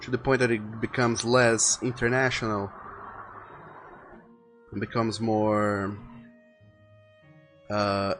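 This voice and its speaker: A man's voice: on the low side, little pitch movement, takes it slowly, pauses often, a bit bright. A man chatting casually while drawing on a live stream, rambling and thinking aloud, often repeating words as he goes. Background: faint music playing.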